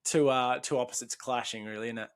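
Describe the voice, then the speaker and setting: A man's voice: mid-range voice, fairly even intonation, quick pace, clean tone. Australian man, podcast co-host, casual chat, teasing, mock-serious banter.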